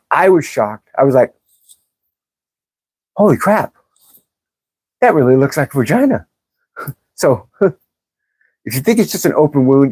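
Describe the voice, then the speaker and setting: Deep and warm, a woman's voice carries her live-stream commentary, recorded with no room sound. She goes through chat comments and responds combatively, swearing, sarcastic, and quick to call out commenters.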